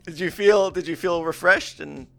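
A man's voice: high voice, moderate pace, vocal fry, faint music behind. A man co-hosting a casual chat, telling stories animatedly and acting out his own lines. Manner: animated storyteller, acts out his own quotes.

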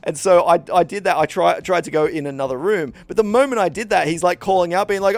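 A man's voice: high voice, fast talker, gravelly, few pauses. A young man, chatting casually in a rambling, self-deprecating way and acting out little conversations. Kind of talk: casual chat.

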